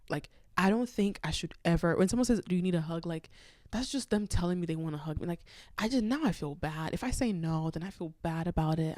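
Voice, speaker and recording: A young woman hosts her own podcast and tells a winding, self-aware story, her voice thick and congested from a cold. Her tone sits on the lower side for a woman. The recording is dry and close, with no room echo. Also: darkish tone. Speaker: podcast host.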